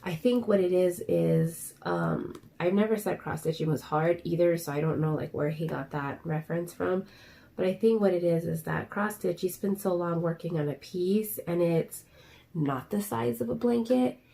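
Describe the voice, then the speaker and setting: A woman's voice: fairly low pitch, normal speed, creaky, warm tone. A young adult woman chatting casually while she crafts, rambling and ranting with lots of fillers. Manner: rambling and ranty, many fillers. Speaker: craft vlogger. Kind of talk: casual chat while diamond painting.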